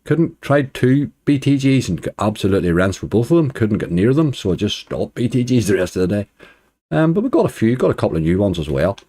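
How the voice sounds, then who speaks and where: A man runs a relaxed live stream, greeting viewers by name and chuckling as he goes. His voice sits a little low, with a dark, mellow tone. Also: a little fast. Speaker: slots streamer greeting chat. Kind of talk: casual live-stream chat.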